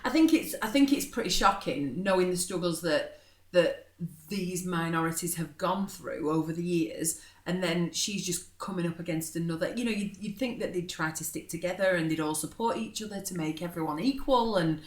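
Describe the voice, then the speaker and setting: A woman's voice: fairly low pitch, normal speed. A woman co-hosting a casual podcast chat, laughing often. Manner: giggly, lots of laughter. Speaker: podcast co-host. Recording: echoey room.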